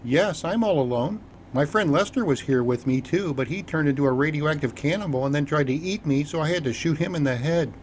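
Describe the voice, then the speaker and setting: A man's voice: fairly high pitch, brisk, few pauses, a little hiss or hum, lightly acted. Man doing a stammering, frightened scruffy survivor. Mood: terrified. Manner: stammering, nervous.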